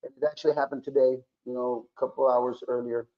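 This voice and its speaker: A man hosting a podcast, chatting casually and giving many shout-outs, mixing in Spanish words. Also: mid-range voice, flat delivery, fast, muffled recording. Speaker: podcast host.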